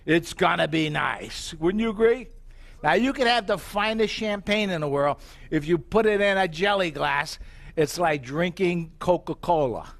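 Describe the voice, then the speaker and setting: A man's voice: sits high, a little slow, gravelly. A middle-aged man giving a live sales presentation as company president, telling stories and asking the audience questions. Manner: animated storyteller, asks the audience questions.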